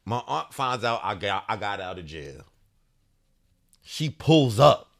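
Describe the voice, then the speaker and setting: A man in his thirties, a podcast co-host telling a story in casual chat, animated and laughing often as he acts out the voices. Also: lowish voice, slow pace, creaky.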